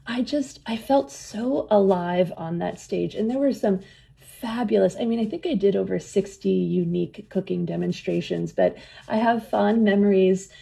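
A woman's voice: medium pitch, moderate pace, vocal fry, warm tone, husky. A woman telling enthusiastic stories as an interview guest, often laughing as she talks. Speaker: museum program leader and guest. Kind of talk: conversational interview storytelling.

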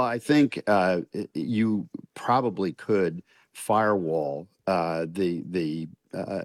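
An older man with a very deep voice speaks as a radio interview guest. He weighs each phrase and pauses often. The sound is dry and close, with no room around it. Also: dry recording. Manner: measured and deliberate, frequent "uh" pauses. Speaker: retired federal judge, interview guest.

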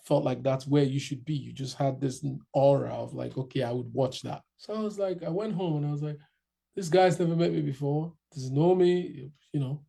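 A man's voice: fairly high pitch, normal speed, vocal fry, dark tone, breathy edge. A young man casually telling his story in an interview, acting out other people's lines in raised voices.

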